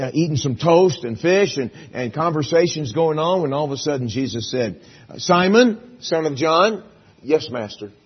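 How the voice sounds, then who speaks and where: Brief: male pastor, husky voice, folksy storytelling sermon, dull lo-fi church recording. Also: medium pitch. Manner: folksy storytelling, acts out biblical dialogue. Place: church sanctuary.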